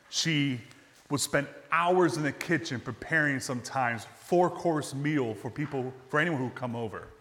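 Brief: man, pastor, conversational sermon, mid pitch, soft trailing phrase ends, long church reverb. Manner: conversational storyteller who drops to quiet, slow phrase endings. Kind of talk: sermon with personal storytelling. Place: church sanctuary.

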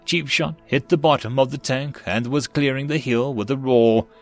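A man reading a military sci-fi web novel as an audiobook, in a steady, even way. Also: mid-range voice, normal speed, faint music behind. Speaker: audiobook narrator. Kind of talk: audiobook narration.

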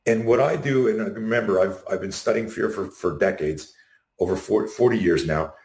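Low-voiced man telling stories, roomy sound. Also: normal speed. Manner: animated storytelling, acting out quotes. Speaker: guest. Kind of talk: casual interview. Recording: roomy echo.

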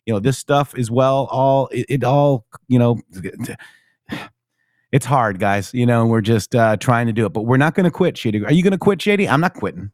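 A man hosting a casual political talk show, reading news aloud in a high, animated voice and dropping low and mumbly when thanking viewers. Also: normal speed, dry recording, clean studio sound. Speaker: show host.

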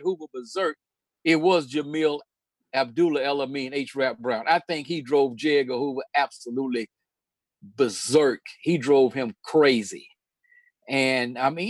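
An older man hosts a relaxed talk, looping back through stories with restarts and easy laughter. His voice sits a little high for a man. The sound is dry and close. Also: no echo. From Charlotte, North Carolina, USA. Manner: storytelling, hesitant with many restarts, laughs often. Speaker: host. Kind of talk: casual history talk.

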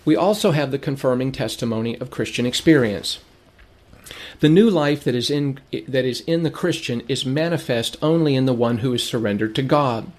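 A man preaching a sermon, earnest and emphatic. He repeats phrases for stress and asks questions that he answers himself. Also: moderate pace. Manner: earnest, repeats phrases for emphasis, rises in pitch when urging.

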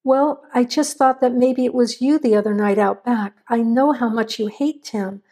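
A woman's voice: fairly high pitch, normal speed, mellow, voice pushed up. A woman voicing an anxious young woman who pleads and gets defensive.

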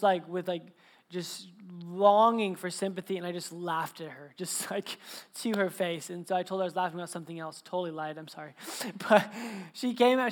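Joking, rambling man preaching a sermon. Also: sits high. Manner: chatty, joking, many restarts and laughs. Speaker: pastor. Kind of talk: sermon with personal storytelling. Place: church service before a live congregation.

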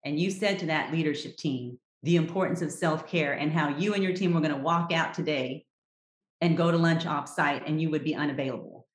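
A woman health coach speaks in a lowish voice with direct, emphatic advice. She talks like a frank coach to listeners. The recording carries a roomy echo. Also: a little fast. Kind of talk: podcast interview.

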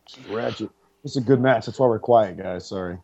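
A man excitedly calling a wrestling match move by move as he watches it with friends, swearing freely and reacting loudly to each big moment. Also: lowish voice, fairly quick, no room sound, dull audio. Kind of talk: casual live watch-along commentary.

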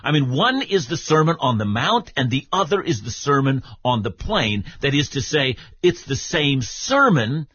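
A man giving a Bible teaching for radio, explaining in a measured way and speaking directly to his listener. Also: mid-range voice, a bit bright, husky, dry recording, muffled recording.

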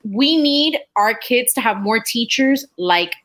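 A woman's voice: fairly high pitch, lively intonation, slow pace, fairly bright tone, poor audio. A woman in casual chat, giving advice emphatically and laying out her points one by one.

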